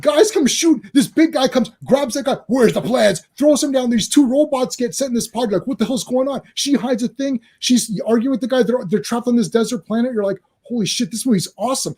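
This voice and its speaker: Ranting podcast co-host, high and mellow, acts out reactions. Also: male voice, brisk, few pauses, slightly rough. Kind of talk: casual movie chat.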